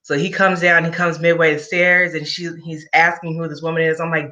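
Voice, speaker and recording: A woman's voice: low-pitched, little pitch movement, brisk, bright, forceful tone, highs cut off. A woman in an interview recounting a personal story in a candid, conversational way with wry asides. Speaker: guest sharing a personal story.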